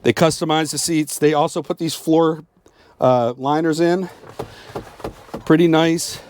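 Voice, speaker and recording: A man with a fairly high voice gives a relaxed, upbeat tour from inside a motorhome. He chats as he goes, pointing out details with lots of fillers. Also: a little slow, clean tone, no room sound, clean studio sound. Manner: chatty, upbeat, points things out with frequent fillers. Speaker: RV travel vlogger giving a tour. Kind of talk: casual walkthrough tour.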